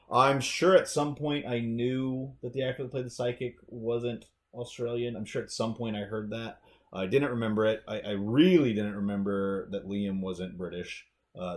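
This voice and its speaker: An American man co-hosting a casual podcast, thinking aloud in animated, rambling bursts. His voice sits somewhat low and he talks in casual chat style. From United States. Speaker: podcast co-host.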